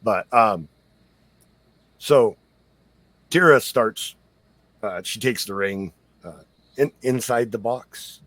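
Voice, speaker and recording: A man narrating a tabletop game as game master in a relaxed, halting way. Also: on the low side, no echo. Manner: relaxed, hesitant narration with fillers.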